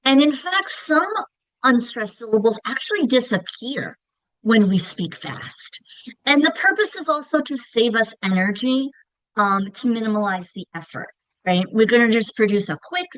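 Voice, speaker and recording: A woman's voice: a little high, a bit bright, dry recording, low-quality recording. A middle-aged woman with a Long Island accent, teaching a lesson on reading and often checking in with listeners. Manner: explanatory, frequent "right?" check-ins. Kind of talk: instructional presentation.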